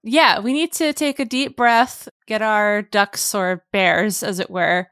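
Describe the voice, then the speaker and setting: A woman's voice: mid-range voice, fairly even intonation, takes it slowly, fairly bright tone, smooth, no echo, clean studio sound. A woman co-hosting a film podcast in casual chat, playful and laughing often. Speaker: podcast co-host.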